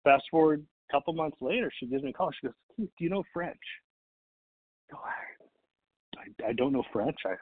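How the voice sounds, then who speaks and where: Husky man telling a sales story. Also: medium pitch, brisk. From Texas. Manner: animated, acts out both sides of phone calls. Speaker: network marketing speaker. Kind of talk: motivational storytelling. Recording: tinny phone-like audio.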